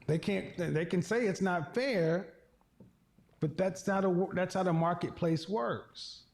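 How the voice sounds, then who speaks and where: A man's voice: high voice, unhurried, vocal fry, a little mellow. A man hosting an advice show, lecturing a caller bluntly and with profanity. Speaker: relationship talk show host.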